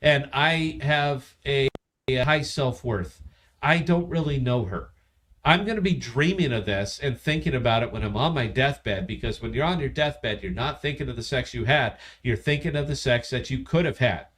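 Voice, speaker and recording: A man's voice: medium pitch, normal speed, a bit bright. A man in his fifties hosting a casual livestream, tipsy, profane and boastful as he tells a long story. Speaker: podcast host.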